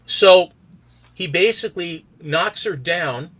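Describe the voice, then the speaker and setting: Taking his time, a man with a high, fairly bright voice and lively intonation recounts a comic book plot in a podcast conversation. He performs the characters' lines with accents, turning the retelling into animated storytelling.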